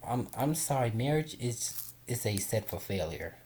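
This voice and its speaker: A woman co-hosting a casual chat, blunt and quick to laugh. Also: very deep voice, expressive, heavy background noise.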